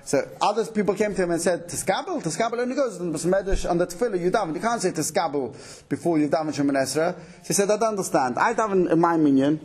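A man teaching a halacha class at a quick clip, his voice pitched fairly high. He explains in an animated way, laying out cases and questions. His tone has a husky edge. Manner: fast, animated explaining with Yiddish-English Torah terms. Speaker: Torah teacher.

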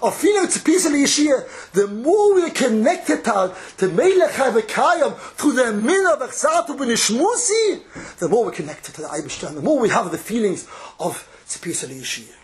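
A man giving a Hasidic Torah sermon, chanting verses in a sing-song and repeating his phrases. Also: very high-pitched. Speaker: rabbi giving a Torah talk.

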